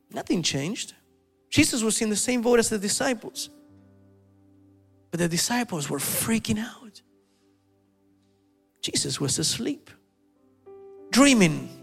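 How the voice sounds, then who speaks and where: A male preacher giving an animated sermon, telling stories and acting out the quotes. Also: high voice, creaky, breathy edge. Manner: animated, storytelling, with acted-out quotes.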